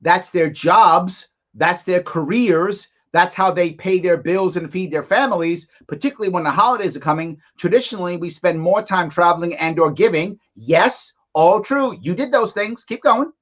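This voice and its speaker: A man's voice: sits high, normal speed, hardly any pauses, a bit bright, dull audio. A man hosting a live commentary show, mocking and sarcastic as he reacts to a press conference. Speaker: host.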